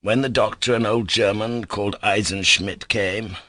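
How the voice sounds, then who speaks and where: A man narrating an audiobook in a measured, slow and solemn way. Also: lowish voice, steady tone, pushed and bright, no echo.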